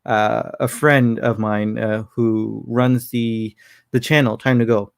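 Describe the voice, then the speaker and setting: A man co-hosting a casual livestream, laughing easily and talking through watch video reviews in a relaxed, rambling way. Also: mid-range voice, slow pace, vocal fry, clean tone, no echo, clean studio sound. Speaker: co-host.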